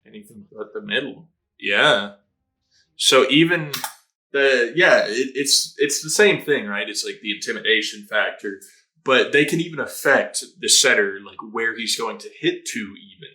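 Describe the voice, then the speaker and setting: Bright-voiced excitable man reacting. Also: mid-range voice, normal speed. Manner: excitable, slangy, swears freely. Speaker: anime reaction host. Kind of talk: casual live reaction commentary.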